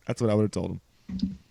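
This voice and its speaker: A man's voice: on the low side, creaky, noisy background. A man and podcast co-host, teasing and emphatic with lots of swearing. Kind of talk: casual banter.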